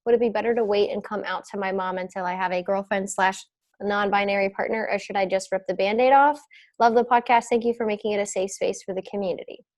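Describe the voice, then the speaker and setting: A woman with a mid-pitched voice co-hosts a podcast. She reads a listener's letter aloud in an even, conversational way. The mic is close and the sound is dry. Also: quick pace, no room sound. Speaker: podcast co-host. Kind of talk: casual podcast chat, reading a listener letter.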